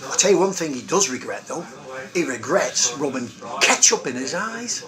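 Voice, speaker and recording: A man's voice: fairly high pitch, very animated, normal speed. A man hosting in character, rambling cheerfully through one-liner jokes in a busy pub. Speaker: comic host in character. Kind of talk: joke-telling pub comedy. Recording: loud pub crowd behind.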